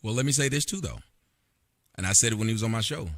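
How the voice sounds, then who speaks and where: A man's voice: on the low side, lively intonation, fast talker. A man hosting a casual live-stream chat, talking loosely, questioning his guest and laughing often. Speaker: show host.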